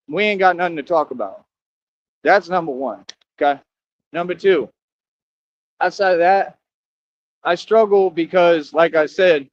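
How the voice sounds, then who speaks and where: A man giving a rambling, boastful livestream monologue outdoors near a highway, scolding his viewers and repeating himself. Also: lo-fi sound. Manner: talks straight to his viewers, scolding them.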